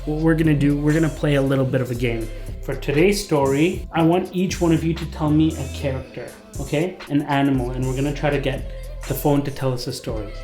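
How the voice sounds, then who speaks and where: A man in his thirties talking casually to camera as a tech vlogger, relaxed and chatty with plenty of fillers. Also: a little high, brisk, faint music behind. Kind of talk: casual vlog talk to camera.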